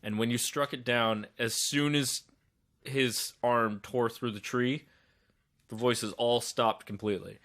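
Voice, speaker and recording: A man's voice: mid-range voice, steady tone, unhurried, a bit bright. A man running a tabletop game as game master, setting scenes in a loose, descriptive way with lots of hedging fillers.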